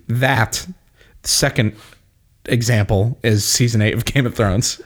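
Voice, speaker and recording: A man's voice: medium pitch, steady tone, slow pace. A man chatting casually, rambling and swearing freely, often laughing as he explains things. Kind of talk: casual chat.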